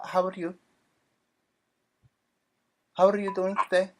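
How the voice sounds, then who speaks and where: A man putting on a soft-spoken, hesitant male boxer voice with slow, halting phrases during a prank call. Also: high-pitched, monotone, a little hiss or hum. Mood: mock-shy.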